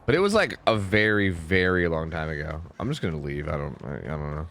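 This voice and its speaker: A man's voice: extremely low pitch, lively intonation, a little fast, fairly bright tone. A man streaming a video game, giving casual commentary with exasperated, joking, rambling asides to his chat.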